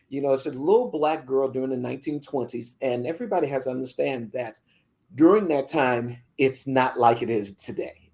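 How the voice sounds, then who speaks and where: A podcast guest telling a story in conversation, vivid and animated, with many fillers. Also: medium pitch.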